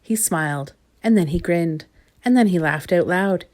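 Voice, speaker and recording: A woman reading a children's storybook aloud, gentle and expressive, lingering on repeated words. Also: lowish voice, moderate pace.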